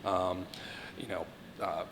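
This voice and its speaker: A man explains literature in a loose, halting way, full of fillers and restarts. His voice is bright and forward, a little low for a man, and it sits in a room with long reverb and a faint hiss. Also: little pitch movement. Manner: halting, many fillers and repeated words. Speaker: podcast co-host, literature teacher. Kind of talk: casual academic discussion.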